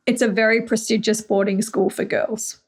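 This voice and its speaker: An Australian woman hosting a podcast, narrating and asking interview questions in a clear, conversational way. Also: fairly high pitch, flat delivery, moderate pace. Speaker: podcast host.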